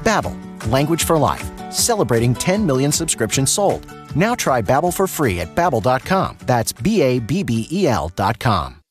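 An announcer giving a bright, promotional ad read. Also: medium pitch, big pitch swings, moderate pace, over music.

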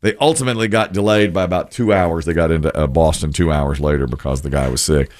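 A man's voice: a bass voice, fast, darkish tone. A middle-aged male radio host in casual chat, telling stories animatedly and acting out the voices in them.

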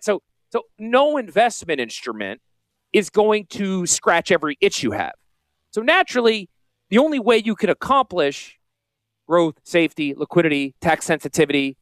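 Lively high-voiced Yankee salesman-host. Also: no echo. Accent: Northern US (Yankee). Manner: animated, salesy, quick jokey asides; self-described high-pitched voice. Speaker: financial advisor and radio host. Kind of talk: casual promotional podcast talk.

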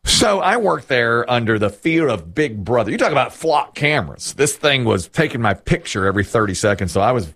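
A man's voice: medium pitch, fairly quick, few pauses. A man in his fifties hosting a radio talk show, telling a story in a casual way and acting out the voices of the people in it. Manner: animated, acts out quoted voices. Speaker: radio host.

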